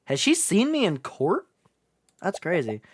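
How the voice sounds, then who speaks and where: A woman's voice: on the low side, huge pitch swings, a little hiss or hum. A young woman streaming a game live, chatting casually, swearing and poking fun at herself. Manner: chatty, swearing, self-mocking, quick laughs.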